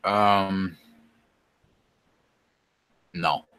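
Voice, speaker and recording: Male co-host, very low voice, bright forceful edge, blunt, swears a lot. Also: expressive, extremely slow, gravelly, clean tone, dry recording. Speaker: podcast co-host. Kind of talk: casual sports betting chat.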